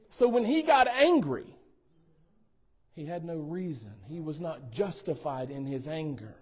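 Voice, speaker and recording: A man's voice: fairly high pitch, sing-song, unhurried, a little mellow, breathy edge. A male pastor preaching a sermon in a church, teasing and checking in with the congregation. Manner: playful, teasing asides, asks congregation for responses. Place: church sanctuary.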